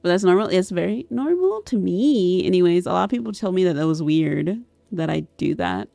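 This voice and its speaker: A woman chatting casually on a live stream, reading chat aloud and answering it, giggly, with her voice swinging between squealing excitement and soft mumbling. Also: lowish voice, brisk, gravelly, dry recording. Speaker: vtuber streamer.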